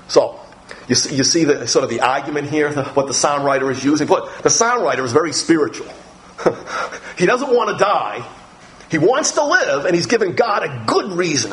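A man preaching a sermon on the Psalms, talking straight to his listeners and reading scripture slowly with emphasis. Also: a little high, sing-song, fairly bright tone, a little hiss or hum. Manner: talks directly to listeners, thinks aloud. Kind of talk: sermon teaching through the Psalms.

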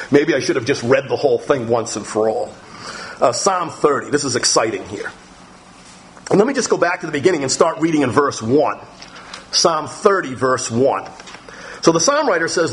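A man preaching a sermon on the Psalms, talking straight to his listeners and reading scripture slowly with emphasis. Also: medium pitch, animated, a bit bright. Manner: talks directly to listeners, thinks aloud. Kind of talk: sermon teaching through the Psalms.

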